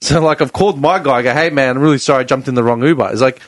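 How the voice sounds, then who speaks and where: A man's voice: medium pitch, rapid-fire, dry recording. A man telling a story in a casual chat, acting out both sides of the conversation. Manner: animated, acts out both sides of dialogue.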